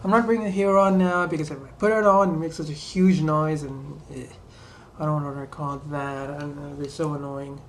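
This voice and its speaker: A woman's voice: deep voice, steady tone, brisk, roomy sound, a little hiss or hum. A woman chatting casually to camera while doing her makeup, rambling and talking to herself in asides. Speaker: vlogger. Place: small room at home.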